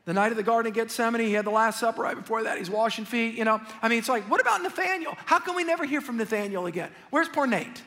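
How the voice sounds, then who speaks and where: A male pastor preaches a lively, joking sermon and keeps talking straight to his congregation. His voice sits very high for a man. A long reverb rolls through the sanctuary. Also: quick pace, few pauses. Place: church sanctuary.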